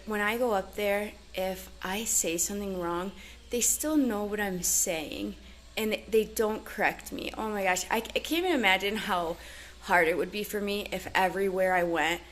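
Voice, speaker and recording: An earnest woman vlogger chats to camera at a middling pitch, loose and full of fillers. She comes across sincere and conversational. A faint noise sits under her voice from the ranch around her. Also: fairly bright tone. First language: English. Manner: chatty, earnest, filler-heavy. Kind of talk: casual chat to camera. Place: ranch in Mexico.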